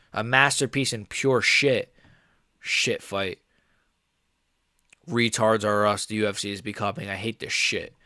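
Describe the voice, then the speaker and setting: A man's voice: fairly low pitch, pushed and bright, no room sound, clean studio sound. A man streaming a live fight reaction, ranting angrily and swearing, rambling with frequent restarts. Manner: angry, profane ranting. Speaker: MMA streamer.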